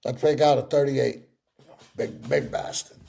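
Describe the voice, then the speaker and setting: A middle-aged man in a sit-down interview, telling stories with lively acted-out voices. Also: mid-range voice, unhurried, creaky. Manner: animated storyteller acting out quoted voices. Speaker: interview guest.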